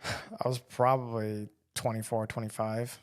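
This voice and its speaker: A man in his twenties talks casually as a guest on a podcast. His voice sits at an ordinary pitch. He answers in short, relaxed, agreeable replies. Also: a little slow. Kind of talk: casual chat.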